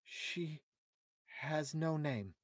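This is a troubled queen from a storybook who speaks of an old terror in a soft, hushed voice, as a man puts her on. The pitch is raised above his own. The delivery is slow and dry. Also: no room sound. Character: troubled queen, quiet and fearful.

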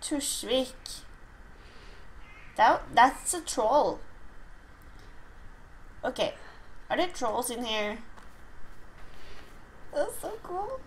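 A woman's voice: high-pitched, very animated, extremely slow, long pauses, slight background noise, poor audio. A woman from Norway with a Norwegian accent, chatting casually through a game and startling easily. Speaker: let's play host. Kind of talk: casual gameplay commentary.

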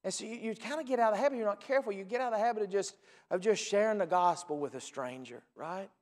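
A high-pitched man in his forties preaches to his congregation, acting out phone calls and laughing as he tells the story. His voice rings through a church sanctuary with a long hall echo. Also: fast talker. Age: 40s. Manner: storytelling, animated, laughing at his own stories. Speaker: pastor. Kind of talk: sermon.

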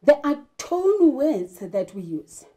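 A woman's voice: sits high, very animated, slow pace, mellow. A woman teacher from South Africa giving an English literature lesson, emphatic and asking rhetorical questions. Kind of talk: classroom lesson.

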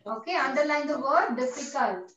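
A woman's voice: high-pitched, normal speed. A woman teacher giving a grammar lesson to a class, patiently repeating each instruction and spelling words out letter by letter. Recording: echoey, dull recording with loud background noise.

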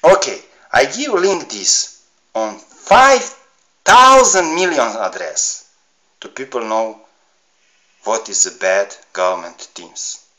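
A middle-aged man from Serbia with a Serbian accent, ranting to camera in halting, broken English, heated and pleading. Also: mid-range voice, big pitch swings, sharp tone, low-quality recording. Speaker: vlogger. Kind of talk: emotional rant to camera.

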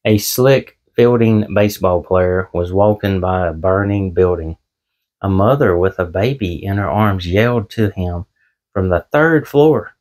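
A man vlogging from his small home office, chatting casually and telling corny jokes in a folksy, self-deprecating way. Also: sits low. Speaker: eBay reseller and vlogger.

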